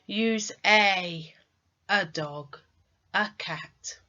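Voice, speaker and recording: Woman, online tutor, unhurried quizzing delivery, lowish pitch, lo-fi sound. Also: a bit bright. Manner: slow, clear teacher's delivery with quizzing questions. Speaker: English tutor. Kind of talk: online English lesson.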